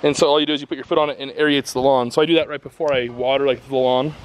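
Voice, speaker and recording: A man's voice: medium pitch, steady tone, racing, slight background noise. A young man and father chatting casually in a family vlog, laid-back and joking, at home and in the backyard. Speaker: vlogger, father.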